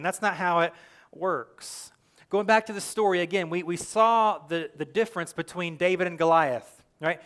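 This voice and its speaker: A young adult male pastor giving a sermon, telling the story with lively, acted-out quotes and earnest direct address. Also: high voice, moderate pace. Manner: animated storytelling, acting out quoted lines.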